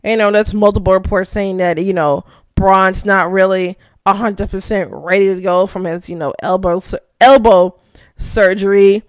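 A young woman hosting a casual recap show, excitable, laughing often and swearing freely. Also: mid-range voice, moderate pace, dry recording. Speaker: podcast host.

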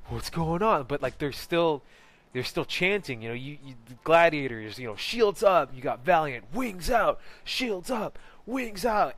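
A man's voice: medium pitch, fairly bright tone. A man telling a casual story about a costumed event, rambling with many fillers and restarts and laughing often, into a close mic. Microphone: close personal mic.

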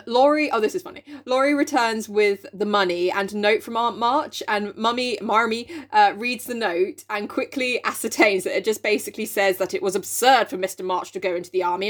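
A woman's voice: brisk, hardly any pauses. A young woman casually chatting as a podcast co-host, recapping a novel and swearing freely. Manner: swears freely, acts out characters in big high voices.

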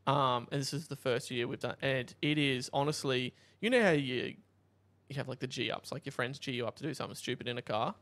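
A man with an Australian accent, a podcast co-host telling stories in casual chat, lively and animated, and loud when he quotes other people. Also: medium pitch, fairly quick. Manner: animated storyteller, shouts out quoted lines.

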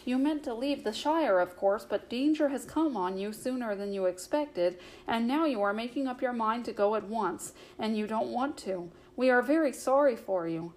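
A woman's voice: a little high, lively intonation, moderate pace, hardly any pauses, a little mellow, close to an everyday voice. A woman reading as Merry, a shrewd young hobbit. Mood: knowing. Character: young male hobbit, shrewd and caring friend.

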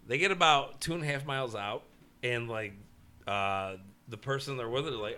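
A man telling stories in crude, casual banter with friends, profane and animated. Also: mid-range voice, moderate pace, smooth.

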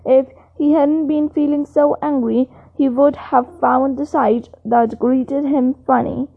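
Woman reading a novel aloud, high voice, tinny phone-like sound, steady narration. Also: slow pace, creaky. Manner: plain, steady narration with occasional slips. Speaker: reader.

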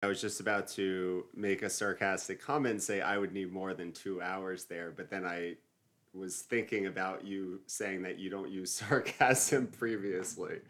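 A man's voice: low voice, steady tone, normal speed, fairly bright tone. A man interviewing a guest in a casual podcast conversation, self-deprecating and asking meandering questions.

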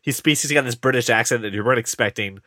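A man co-hosting a casual movie podcast, rambling and animated, putting on voices to mock scenes. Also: medium pitch, fast talker, no room sound, studio quality. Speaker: podcast co-host. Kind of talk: casual movie review chat.

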